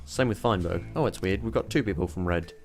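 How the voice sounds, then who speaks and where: Over music, a man with a deep voice gives slightly fast let's play commentary on a police management game, rambling as he thinks aloud and swearing casually.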